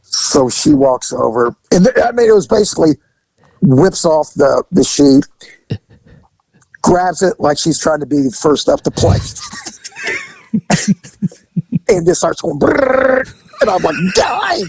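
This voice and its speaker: A man casually telling a story, animated and laughing, swearing often and acting out other people's voices. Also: on the high side, slow pace, creaky, pauses often, husky, no echo, low-quality recording. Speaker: storyteller recounting undercover work.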